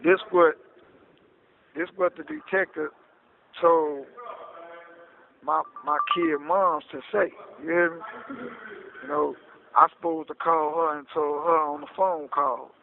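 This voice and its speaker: A man telling his story in a casual interview, animated and often asking "you hear me?", heard over a phone line. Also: a little high, a little slow, gravelly, long pauses, a little hiss or hum. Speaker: interview guest recounting his case. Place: prison phone call.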